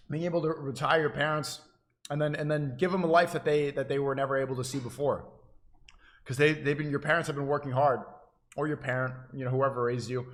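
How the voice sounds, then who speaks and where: A man's voice: mid-range voice, fairly bright tone. A man livestreaming, giving an insistent, preachy monologue to his chat, often repeating and restarting his phrases.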